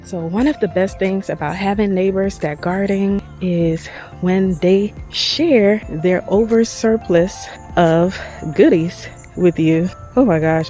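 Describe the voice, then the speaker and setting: A woman chatting excitedly to her viewers as she walks through her backyard garden. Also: mid-range voice, unhurried, soft background music, poor audio. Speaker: garden vlogger. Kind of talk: casual garden vlog.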